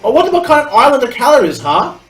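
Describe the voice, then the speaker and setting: A man's voice: very high-pitched, sing-song, fast, a bit bright, reverberant, distant mic, voice pushed up, heavily acted, rough recording. A man doing a cheery teen boy. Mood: eager. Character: upbeat teenage boy rival.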